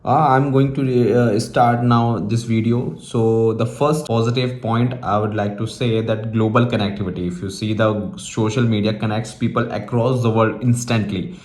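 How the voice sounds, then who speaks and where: A man hosting an English practice discussion, talking in a halting way with frequent pauses. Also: on the low side, steady tone, a little mellow, roomy sound. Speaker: host.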